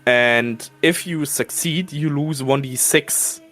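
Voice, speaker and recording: A man's voice: on the high side, slow, sharp tone, faint music behind. A man running a tabletop horror game as game master, narrating vividly in a casual, profane way.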